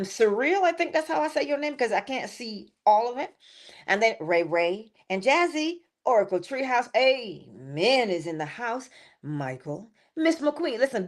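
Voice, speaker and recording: A woman hosts an inspirational morning livestream, and her pitch swoops widely as she talks. She is playful and animated, jumping to sudden high exclamations and then dropping into soft asides. Her voice sits in a middle register. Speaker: livestream host.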